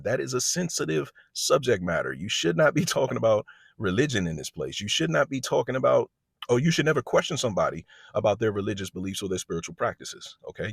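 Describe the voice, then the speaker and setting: Brief: male storyteller, husky tone, dry close sound, casual and chatty, keeps checking in with the listener. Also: lowish voice, dry recording. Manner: conversational, with frequent check-ins and restarts. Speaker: storyteller recounting a work incident.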